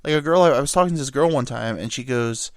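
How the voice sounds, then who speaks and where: A man's voice: mid-range voice, quick pace, no echo, studio quality. A young man hosting a podcast, telling stories in a rambling comedic monologue with stammered restarts and casual swearing. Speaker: podcast host.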